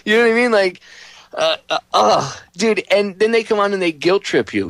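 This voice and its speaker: A man's voice: high voice, animated, moderate pace, a bit bright, dry recording. A man hosting a talk radio show, ranting in casual, profane banter and mimicking other people's voices. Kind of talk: casual podcast chat.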